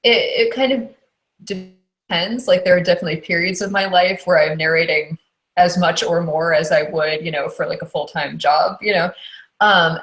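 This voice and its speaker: A woman's voice: lowish voice, a bit bright. Chatty woman narrator, roomy echo. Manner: chatty, with frequent "like" and "um" fillers. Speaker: audiobook narrator. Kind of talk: casual interview.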